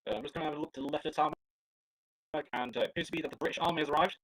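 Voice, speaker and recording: A man's voice: on the high side, fairly even intonation, racing, a bit bright, a little hiss or hum, rough recording. Chatty Scottish man commentating live. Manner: chatty, joking, rambling with restarts. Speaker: air show commentator.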